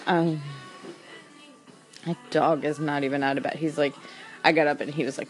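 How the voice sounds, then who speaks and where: A woman's voice: low-pitched, steady tone, measured pace, pauses often, soft background music, rough recording. A woman hosting a casual chat stream, sarcastic and rambling, laughing often. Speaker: livestream host.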